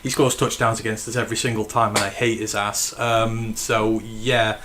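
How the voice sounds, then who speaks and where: A man's voice: fairly low pitch, level tone, moderate pace, noisy background. A man hosting a casual podcast chat, talking freely with some swearing as he reads listener questions. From England. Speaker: podcast host.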